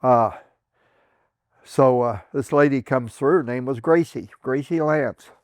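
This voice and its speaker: In a clean studio recording without echo, an older southern Indiana veteran unhurriedly recounts his past for an oral history project. He meanders, restarts, and laughs softly, lifting his pitch whenever he quotes someone.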